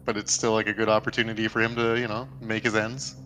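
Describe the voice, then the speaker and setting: A man playing a tabletop game, describing his character's moves in a relaxed, laid-back way. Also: fairly low pitch, fast, faint music behind. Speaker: player. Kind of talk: casual game chat.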